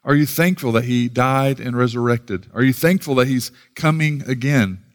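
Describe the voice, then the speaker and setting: An earnest man preaching a sermon, his voice sitting at an ordinary middle pitch. He reads scripture aloud and often repeats a word or two as he starts each new thought. He is from the United States. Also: moderate pace. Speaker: pastor.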